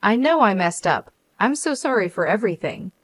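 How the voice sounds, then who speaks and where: A woman's voice: mid-range voice, big pitch swings, normal speed, fairly bright tone, breathy edge. A woman narrator voicing a desperate ex-husband who pleads to be taken back. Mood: pleading.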